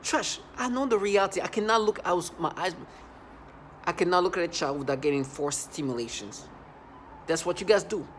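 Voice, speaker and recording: A man's voice: high-pitched, normal speed, fairly bright tone, slight background noise. A man vlogging an angry monologue, agitated and repetitive, often stumbling and restarting his sentences.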